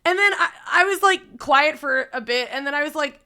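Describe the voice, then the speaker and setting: A woman streamer casually telling a story to her chat, animated and swearing freely. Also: high voice, moderate pace. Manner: animated, swears freely, breaks into loud laughs.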